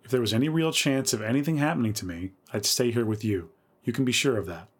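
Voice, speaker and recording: A man voicing a bold young woman who talks calmly and reassuringly, in a spooky story reading. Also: mid-range voice, quick pace, breathy edge, close to an everyday voice.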